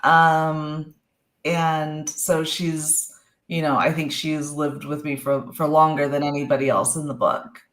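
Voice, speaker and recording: A woman author talking about her books as a guest on a video call, thoughtful and pausing with fillers. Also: low-pitched, level tone, roomy sound. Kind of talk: casual interview talk.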